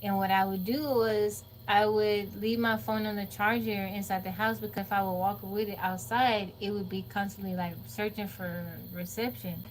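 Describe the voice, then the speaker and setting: A woman hosting a livestream from an off-grid home talks casually with her live audience, laughing often and performing the lines she quotes as an animated storyteller. Her medium-pitched voice moves at a normal speed with hardly any pauses, over a little hiss or hum.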